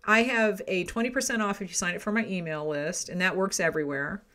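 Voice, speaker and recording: A woman's voice: medium pitch, brisk, sharp tone. Chatty, frank woman podcast host. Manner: chatty, frank, frequent "right?" and "okay?" asides. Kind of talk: casual advice talk.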